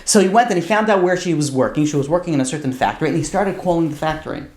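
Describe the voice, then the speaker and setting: A man, a rabbi, telling a long story in a lively way, full of "you know" asides. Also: a little high, rapid-fire. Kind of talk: storytelling talk. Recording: roomy echo.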